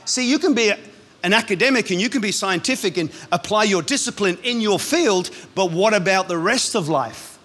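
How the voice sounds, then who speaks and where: A man, a pastor, preaching a sermon in a lively, punchy way with quick asides. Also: high-pitched.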